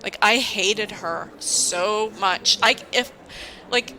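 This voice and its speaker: A woman's voice: mid-range voice, takes it slowly, sharp tone, poor audio. Indignant woman venting about her boss. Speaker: university staff member. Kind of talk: casual vlog rant.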